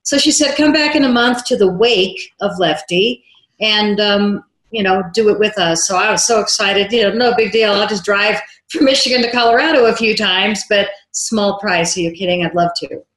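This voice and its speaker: A woman filmmaker, a guest on an interview show, telling a story in a lively way and acting out the dialogue she quotes. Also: mid-range voice, normal speed. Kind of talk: animated anecdotal storytelling. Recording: roomy echo.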